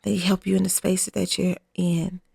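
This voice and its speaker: A woman podcast host leading a fervent spoken prayer, pleading and repeating herself, often dropping to a hushed, near-whispered delivery. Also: lowish voice, level tone, normal speed, creaky, breathy edge, no room sound, clean studio sound.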